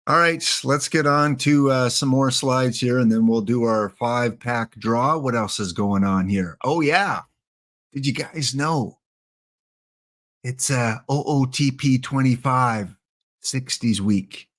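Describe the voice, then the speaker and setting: A middle-aged man with a Canadian accent chats with his live viewers in a loose, joking way. His voice sits at an ordinary pitch. He drifts between asides and the next slide. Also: slow pace, a bit bright. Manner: joking, chatty, answers chat. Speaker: livestream host. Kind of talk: casual livestream chat.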